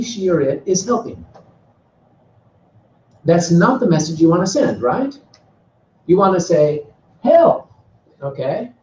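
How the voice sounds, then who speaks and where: Recorded from far away in a roomy, dull classroom, a man leads beginner Greek lessons in a dark-toned voice on the high side. He drills vocabulary for the students to echo back and draws words out to mark the stress, with a little hiss or hum audible.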